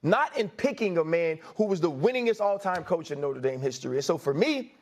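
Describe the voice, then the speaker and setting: A man's voice: a little high, animated, fairly quick, darkish tone. A man giving impassioned sports commentary, emphatic and repetitive, speaking in an indignant tone. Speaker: sports analyst.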